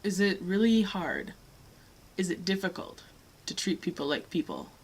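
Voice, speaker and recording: A woman's voice: fairly low pitch, sing-song, normal speed, slightly rough, low-quality recording. A young woman talking frankly to camera in a personal vlog, earnest and blunt, with occasional swearing. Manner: frank, earnest, swears, rising heat when making a point. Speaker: vlogger.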